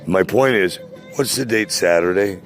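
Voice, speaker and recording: Guy in his sixties, really low voice, swearing nonstop, bragging and rambling with lots of uh and um. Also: moderate pace, music in the background. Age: 60s. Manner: profane, boastful, rambling; many "uh" and "um" hesitations. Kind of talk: casual rant to a friend.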